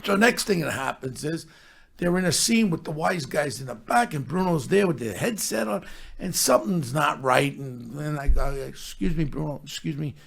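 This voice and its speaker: An older man hosts a podcast, his voice on the high side, very animated, fairly bright and slightly rough, with vocal fry and a moderate pace. His storytelling is brash and profane, with constant swearing and impressions of what other people said.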